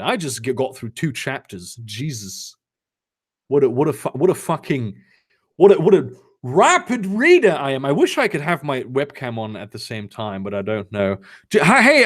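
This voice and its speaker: In a mid-range voice at a moderate pace, a young man in Germany reads fanfiction on a home live stream. He often stops for sarcastic, cursing commentary and animated asides while chatting with viewers.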